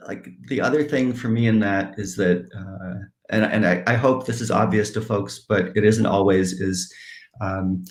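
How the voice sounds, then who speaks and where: A man's voice: on the low side, normal speed, reverberant. A man, a writer, speaking thoughtfully with some hesitation on a conference panel. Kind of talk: casual panel conversation.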